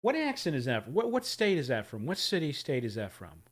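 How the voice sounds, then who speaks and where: A man's voice: mid-range voice, huge pitch swings, a little fast, hardly any pauses. A man hosting a livestream and chatting casually as he reacts to videos. He rambles, chuckles and trips over his words. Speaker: livestream host.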